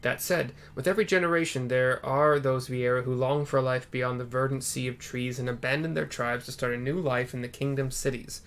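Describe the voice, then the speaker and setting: A man chatting through a game session, reading story text and cracking self-mocking jokes. He swears casually. His voice sits at a middle pitch. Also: fairly even intonation, fairly quick, hardly any pauses, a bit bright. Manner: joking, profane, self-mocking. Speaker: let's play host. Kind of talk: casual gameplay commentary.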